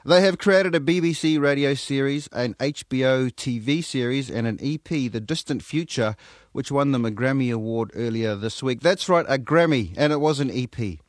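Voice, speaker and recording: A man with a New Zealand accent hosts a playful radio chat, swinging between deadpan asides and mock-earnest praise. His voice sits in a middle register, captured close and dry on a studio microphone. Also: mid-range voice, normal speed, few pauses, no room sound. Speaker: radio host.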